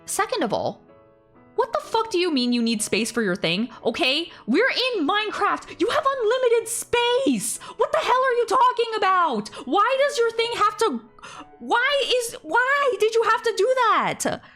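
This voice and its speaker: A woman's voice: very high voice, big pitch swings, unhurried, pushed and bright, faint music behind. A woman streamer chatting casually, ranting animatedly, laughing often and swearing freely.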